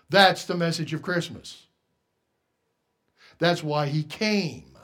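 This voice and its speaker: High-voiced guy preaching, gets real quiet then loud, lots of rhetorical questions. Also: slow, pauses often. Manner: emphatic, swings from hushed to loud. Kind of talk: sermon.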